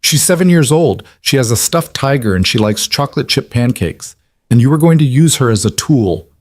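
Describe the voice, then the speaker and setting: A man voicing a protective single-dad janitor who speaks quietly, flat and cold. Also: fairly low pitch, normal speed.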